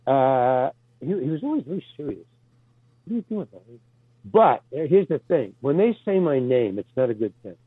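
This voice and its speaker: A man's voice: medium pitch, big pitch swings, normal speed, few pauses, slightly rough, no echo. An older man, a guest actor, tells rambling stories with stammering restarts and casual swearing, on a tinny, phone-like recording. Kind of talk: rambling anecdotal storytelling. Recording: tinny phone-like dry sound.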